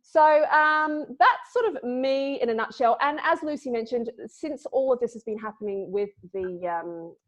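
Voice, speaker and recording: A woman's voice: a little high, normal speed, hardly any pauses. A woman from Scotland giving a playful, casual online talk as a clown presenter, full of dad jokes. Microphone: video call. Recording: lo-fi video call audio.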